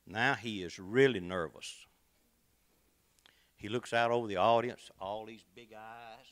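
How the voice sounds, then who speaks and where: A man's voice: on the low side, slow pace, long pauses. A man from Tennessee, telling a comic tall tale to an audience in a folksy, dramatic manner. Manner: folksy, dramatic, shifts between loud and quiet. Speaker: contestant storyteller.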